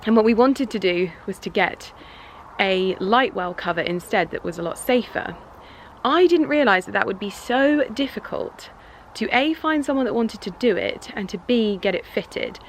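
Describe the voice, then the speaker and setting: A woman's voice: medium pitch, lively intonation, moderate pace, slight background noise. Chatty woman vlogger. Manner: chatty, rambling with many fillers, emotional. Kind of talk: casual vlog chat.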